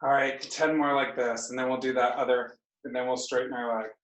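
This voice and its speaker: A woman teaching a live online exercise class, counting reps and giving brisk cues with playful asides, over a video call from a room at home. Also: very deep voice, level tone. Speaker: fitness instructor. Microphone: computer mic on a video call. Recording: echoey room.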